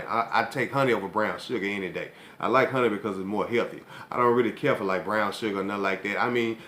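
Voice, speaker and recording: Fast-talking, low-voiced man cooking. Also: a bit bright. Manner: laid-back, rambling, keeps asking viewers if they follow. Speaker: home cook. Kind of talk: casual cooking vlog chat. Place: home kitchen. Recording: echoey kitchen, faint background noise.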